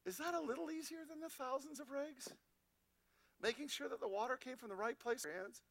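A man preaching with a very high, bright voice. He keeps firing rhetorical questions at his listeners and reads scripture aloud in a lively sermon. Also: fairly quick, creaky. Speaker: pastor.

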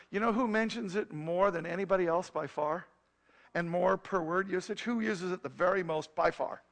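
A man's voice: high-pitched, creaky, fairly bright tone. A man preaching a sermon, telling a story and then teaching in an earnest, emphatic way.

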